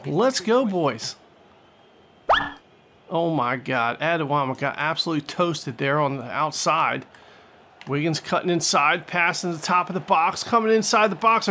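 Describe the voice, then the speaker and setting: A man giving jokey, excitable play-by-play commentary on a football video game, rising loud when the action heats up. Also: on the high side. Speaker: gaming channel host.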